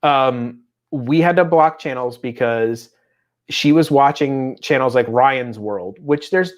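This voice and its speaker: A man in his thirties co-hosting a casual podcast chat, playful and quick to laugh, acting out quotes in silly voices. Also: mid-range voice. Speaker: co-host.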